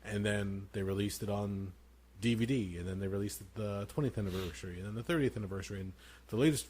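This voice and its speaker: A man in his thirties co-hosting a casual podcast, excitable and profane, laughing often. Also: lowish voice, quick pace, a little hiss or hum. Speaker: podcast co-host. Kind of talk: casual chat.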